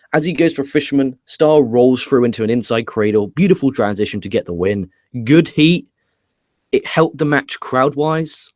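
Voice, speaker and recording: A man talks through a wrestling show in a loose, casual review. He swears offhand and often restarts his sentences. His voice sits at a middling pitch and the recording is dry and close. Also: no room sound. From England.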